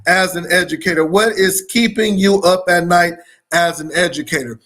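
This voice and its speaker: A man from Michigan hosting a live education stream, greeting viewers with energetic, repetitive shout-outs. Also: high-pitched, moderate pace. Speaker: host of live education show.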